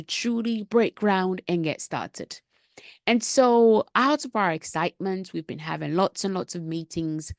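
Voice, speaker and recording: Low, gravelly woman hosting a podcast. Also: a little slow, no room sound, clean studio sound. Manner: emphatic, repetitive, rallying. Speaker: podcast host. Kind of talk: motivational podcast monologue.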